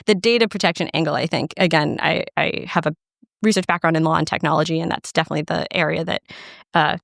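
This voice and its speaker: Earnest woman with a gravelly voice. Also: low-pitched, fairly bright tone, no echo, studio quality. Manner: earnest, halting, emotional. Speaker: guest, law PhD researcher. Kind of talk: podcast conversation.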